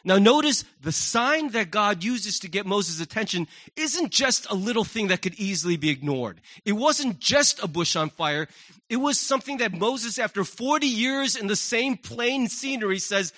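A man preaching a sermon as pastor, animated and acting out the voices he quotes. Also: high-pitched, normal speed. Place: church sanctuary.

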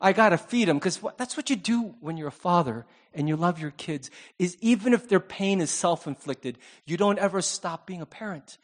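A man with a high, light voice preaches a sermon in a loose, conversational style. He mixes in jokes and acts out quotes in different voices. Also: animated, normal speed, few pauses. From Asian American. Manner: conversational preaching with humorous asides and acted quotes. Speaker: pastor.

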